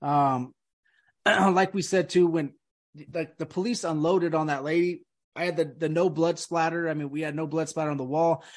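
A man's voice: fairly high pitch, steady tone, moderate pace. A man hosting a casual podcast chat, emphatic, often repeating himself and restarting sentences. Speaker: podcast host.

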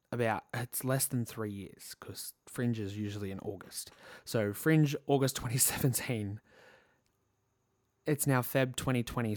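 An enthusiastic young man chats to his viewers about a show he loves, with an excitable, talkative manner. His voice sits at an ordinary pitch. It is recorded dry and close. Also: no echo. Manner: enthusiastic, excitable, laughs often. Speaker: theatre fan vlogger. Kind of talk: casual recounting to camera. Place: lives in Sydney.

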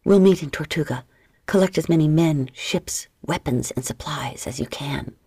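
A woman voicing a lustful, scheming male pirate in a low, breathy, half-whispered voice. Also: a little fast, dark tone, no room sound, lightly acted.

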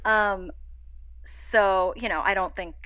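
Give me a young woman being interviewed about her acting work, chatting casually and animatedly. Her voice is bright and a little tense. She acts out quoted dialogue with big jumps in pitch. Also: steady tone, takes it slowly, clear, resonant tone. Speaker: actor guest.

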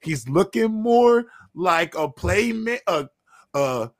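A young man debating football on a panel show, talking over others with emphatic, animated delivery. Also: high voice, a loud crowd. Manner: animated, emphatic, drawn-out lines. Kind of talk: heated sports debate.

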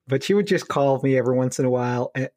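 Male podcast co-host, mid-pitch, animated and laughing, dry close sound. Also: quick pace, dry recording. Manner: animated, laughing storyteller with many fillers. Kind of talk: casual storytelling chat.

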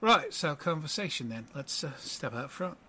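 A man voicing a smooth, menacing male shark enforcer who talks low and quiet. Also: animated, moderate pace, exaggerated voice. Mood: quietly menacing. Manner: quiet, soft-spoken threat.

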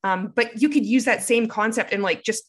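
A woman telling her story candidly in an interview, swearing freely and growing heated and animated. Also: fairly high pitch, normal speed, husky.

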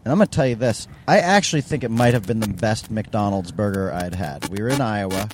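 Teasing man over faint road rumble. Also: lively intonation, brisk. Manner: teasing, storytelling. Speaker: podcast co-host. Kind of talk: casual chat. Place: car on a road trip.

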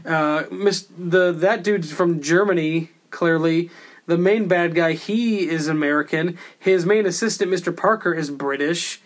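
Guy with a pretty high voice, chatting loose about a movie, swears a lot, jokey. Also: measured pace. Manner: loose, joking, swears, does silly voices. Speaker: podcast co-host reviewing a film. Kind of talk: casual chat.

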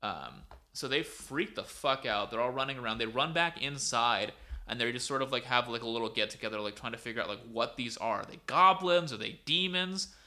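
A man's voice: medium pitch, a little fast, sharp tone. A man co-hosting a podcast, retelling a story casually over a video call, filling it with "like" and "um". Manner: rambling, filler-heavy. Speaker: podcast co-host.

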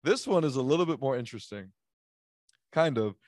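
A man's voice: mid-range voice, lively intonation, brisk, a little mellow, dry recording, studio quality. A man hosting a casual sports chat, joking and rambling with lots of fillers as he runs through picks. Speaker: sports podcast host.

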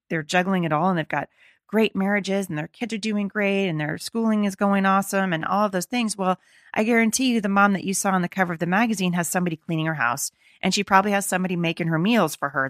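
A middle-aged woman hosting a faith-based podcast, slightly hoarse and gravelly, talking in an earnest, encouraging, conversational way. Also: on the low side, no room sound, studio quality. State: slightly hoarse, losing her voice. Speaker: podcast host.

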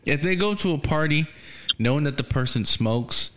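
A man's voice: on the high side, expressive, normal speed, fairly bright tone. Laid-back profane podcast host guy. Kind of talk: casual podcast chat.

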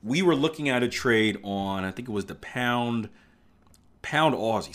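A man's voice: mid-range voice, lively intonation, moderate pace. A man teaching trading in a casual live stream, chatty, who keeps asking "right?" and acts out his stories. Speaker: trading instructor.

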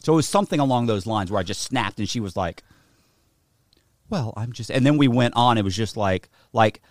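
A man in a casual podcast chat, telling a story in an animated way, acting out the back-and-forth of a conversation and swearing now and then. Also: lowish voice, a little fast, dry recording, clean studio sound. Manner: animated, acts out quoted dialogue, swears.

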